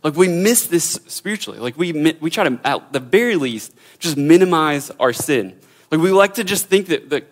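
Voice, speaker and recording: A man's voice: on the high side, animated, moderate pace. A young man teaching a Bible passage in a casual, informal way, full of fillers and restarts.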